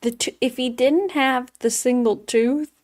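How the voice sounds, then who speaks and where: A woman's voice: high-pitched, steady tone, measured pace, a little mellow. A woman co-hosting a casual chat, giggly and laughing through her words, acting out silly quoted voices. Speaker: podcast co-host.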